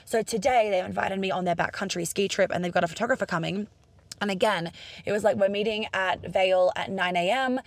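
A woman's voice: mid-range voice, a little fast, no echo. A young Australian woman with an Australian accent, talking casually to camera in a chatty, upbeat, profane way and acting out bits of dialogue.

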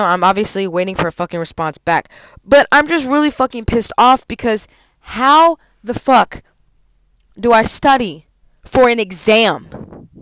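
A woman's voice: on the high side, fairly bright tone, smooth, no room sound. Profane young woman venting, dry close sound. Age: young adult. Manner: heavily profane, heated venting. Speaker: college student. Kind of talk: angry vlog rant.

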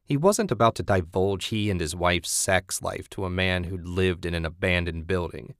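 Low-voiced male audiobook narrator. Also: moderate pace, no echo, clean studio sound.

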